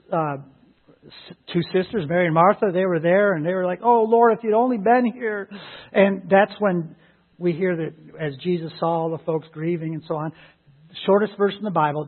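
A man preaching an Easter sermon, emphatic and animated, who laughs as he retells stories. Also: high voice, husky. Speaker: pastor. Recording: phone-like lo-fi sound.

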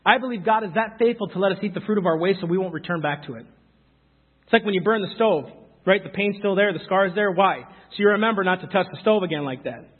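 A man preaching a sermon, animated and talking straight to the congregation with quick asides. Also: sits high, breathy edge. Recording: phone-like sound with long hall reverb.

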